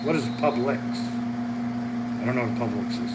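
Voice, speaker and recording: A Midwestern man livestreams from a concession stand at a soccer venue, chatting casually and answering questions from chat. He speaks at a medium pitch and moderate pace, with background noise around him.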